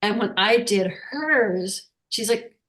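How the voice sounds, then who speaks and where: A woman speaks over a video call, telling an emotional personal story. She stumbles and restarts often as she searches for words. Her voice sits at a middle pitch and carries a noticeable roomy echo. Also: lively intonation, a bit bright. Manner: emotional, halting, many restarts. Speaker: workshop participant sharing a story. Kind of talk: casual testimonial.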